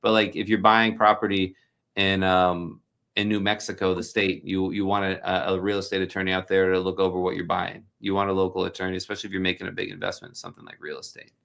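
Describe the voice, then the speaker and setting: A man's voice: sits low, completely flat delivery, quick pace, gravelly, a bit bright. A man from New Jersey hosting a casual livestream, answering viewer questions in a chatty, joking, rambling way with many fillers.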